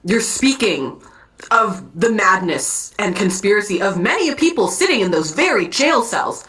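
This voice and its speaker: A woman's voice: medium pitch, big pitch swings, brisk, a little mellow, close to an everyday voice, low-quality recording. A woman voicing a tall, weary elvish man who speaks in a stern, level tone.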